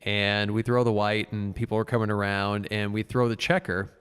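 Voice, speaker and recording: A man's voice: moderate pace, smooth. Casual podcast guy, spins a story, does the voices, echoey room. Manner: animated storyteller, acts out quotes in a high voice. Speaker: podcast co-host.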